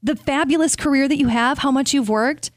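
A woman's voice: sits high, fairly quick, dry recording, clean studio sound. A woman co-hosting a casual chat, talking candidly and self-deprecatingly about work and motherhood. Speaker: co-host.

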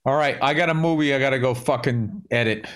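A man's voice: mid-range voice, fast, a bit bright. A man co-hosting a podcast, chatting casually with wisecracks and swearing. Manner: wisecracking, profane. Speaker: podcast co-host. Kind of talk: casual chat.

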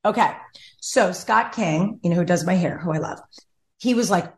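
A woman's voice: lowish voice, normal speed. A young adult woman hosting a casual chat, telling a rambling story and acting out what others said. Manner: chatty rambling storyteller, acts out quotes. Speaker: podcast host.

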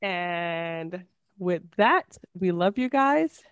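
A woman's voice: fairly low pitch, lively intonation, very slow, clean tone, no room sound, lo-fi sound. A woman co-hosting a podcast with an accent, chatting casually and rambling with giggles. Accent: non-native English accent. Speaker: podcast co-host. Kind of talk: casual chat.

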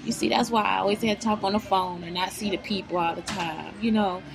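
A woman's voice: mid-range voice, fairly even intonation, fast talker, vocal fry, music in the background, rough recording. A woman giving blunt, profane motivational advice straight to her viewers, in a preachy vlog style. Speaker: vlogger giving life advice.

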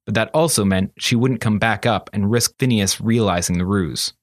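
A man narrating a fantasy story as an audiobook, steady and expressive. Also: lowish voice, moderate pace, no room sound, studio quality.

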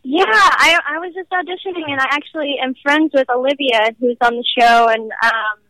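High-pitched and sharp in tone, this giggly Nashville woman talks at a normal speed while guesting on an interview, peppering her casual chat with "like." There's no echo, though the recording is rough.

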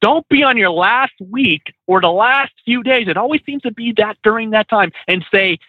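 Animated man, tinny phone-like sound. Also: sits high, moderate pace, dry recording. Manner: animated, swears freely, says "bro" and "dude". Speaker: truck driver trainer, podcast guest. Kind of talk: casual storytelling in an interview.

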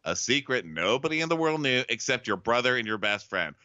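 A man voicing a skeptical queen, slow and sarcastic. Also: medium pitch, sing-song, sharp tone, dry recording, lo-fi sound. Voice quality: sarcastic, drawn-out.

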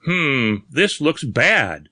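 A man voicing a gruff, stubborn older doctor who speaks in brusque, emphatic bursts, raised above his own voice. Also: on the high side, sing-song, extremely slow, pushed and bright, no room sound, pitched above the performer's own voice, exaggerated voice. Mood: grave.

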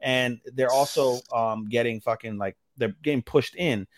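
A man's voice: medium pitch, normal speed, no room sound, clean studio sound. A man co-hosting a casual anime podcast, retelling episodes with swearing and acting out characters' lines. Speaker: podcast co-host. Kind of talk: casual anime recap chat.

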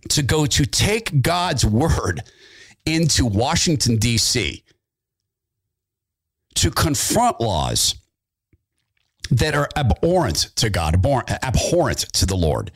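A middle-aged man hosting an opinionated political talk monologue, sarcastic and animated, with asides and mock voices. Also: mid-range voice, takes it slowly, long pauses, breathy edge. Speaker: political commentary host.

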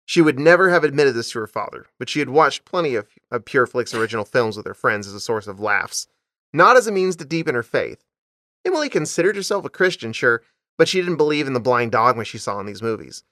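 A man's voice: medium pitch, sing-song, quick pace, a bit bright, no room sound, studio quality. A man hosting a comedy podcast, reading a story with dramatic emphasis and stopping to joke.

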